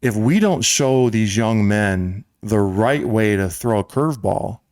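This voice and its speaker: An American man hosting a casual sports talk show, telling a long story with lively quoted voices. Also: fairly low pitch, measured pace, dry recording, studio quality. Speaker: show host and club president. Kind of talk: storytelling in casual podcast chat.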